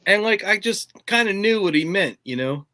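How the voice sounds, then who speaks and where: A man's voice: high voice, expressive, moderate pace, pushed and bright. A middle-aged man spins loose, rambling tour stories with a slightly raised voice. His talk is salted with curses and endless "like" and "you know". He sounds easygoing and unscripted. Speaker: drummer guest. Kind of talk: casual storytelling chat.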